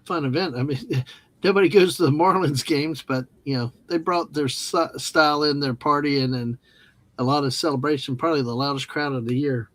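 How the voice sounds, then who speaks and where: A man's voice: on the high side, fairly quick, a bit bright, no room sound. A man co-hosting a podcast, telling sports stories in a chatty way. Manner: chatty storyteller with fillers and restarts. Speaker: podcast co-host. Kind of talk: casual podcast chat.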